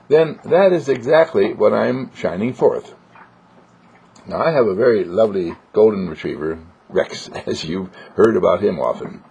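On a dull lo-fi recording with a little hiss or hum, an inspirational speaker with a fairly low, darkish voice and vocal fry gives a spiritual motivational monologue. He's joyful and sing-song, repeating simple affirmations.

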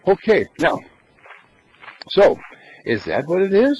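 A man's voice: sits high, wildly swooping pitch, slow pace, mellow, lo-fi sound, a little hiss or hum. A man giving an inspirational spiritual talk, who asks rhetorical questions and answers them himself. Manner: acts out little scenes in everyday voices. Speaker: spiritual lecturer.

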